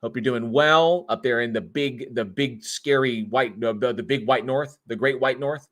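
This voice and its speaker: Regular guy host, mid-pitched, chatty and jokey, rambles a bit while running a live chat. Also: moderate pace, fairly bright tone.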